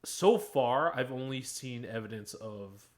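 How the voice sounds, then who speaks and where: A man co-hosting a casual podcast, walking friends through his research in a halting way with many fillers. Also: mid-range voice, expressive, a little mellow. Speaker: podcast co-host presenting research.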